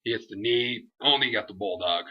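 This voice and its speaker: A young man co-hosting a casual review chat, animated and laughing, acting out what others said. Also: on the low side, brisk. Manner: animated, acts out quotes, laughs often. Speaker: show co-host. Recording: dull lo-fi home recording.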